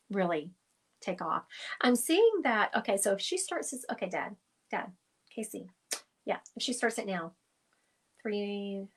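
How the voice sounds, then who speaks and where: A chatty woman with a slightly raised pitch, talking straight to her viewers on a phone live stream. She speaks in an emphatic, affectionate way, calling people honey and ma'am as she passes on her readings. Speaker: psychic medium.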